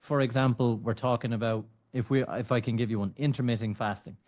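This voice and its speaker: A man's voice: mid-range voice, steady tone, brisk, a little mellow. A male podcast host with an everyday mid-range voice, joking with a guest before moving into long, rambling questions. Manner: teasing, asks long questions. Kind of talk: casual interview chat.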